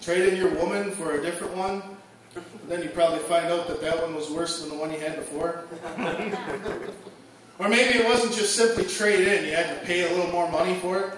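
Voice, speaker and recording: A man's voice: high-pitched, moderate pace, fairly bright tone. A man performing a stand-up comedy set, telling jokey stories and acting out the people in them. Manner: jokey storytelling, acts out quoted voices. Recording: echoey room from far off, noisy.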